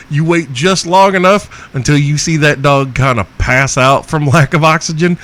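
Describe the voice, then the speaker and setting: A man's voice: medium pitch, a bit bright. Foul-mouthed man ranting as podcast host. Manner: profane, joking, chuckles often. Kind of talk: crude comedic rant answering listener questions.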